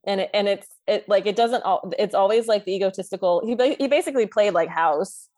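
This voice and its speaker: A woman in a casual podcast discussion, talking in an animated way with many fillers and laughing asides. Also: medium pitch, fast talker.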